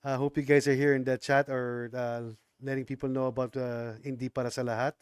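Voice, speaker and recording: A man hosting a casual livestream music show. He chats loosely and often pauses on "um" and restarts his sentences. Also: medium pitch, level tone, clean tone, dry recording, clean studio sound. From Philippines. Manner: chatty, loose, with frequent ums and restarts.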